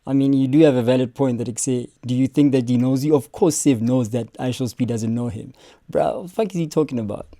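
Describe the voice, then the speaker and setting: A man's voice: medium pitch, fast, heavy background noise. A young man, hosting a casual reaction stream and cursing and joking as he talks back at clips.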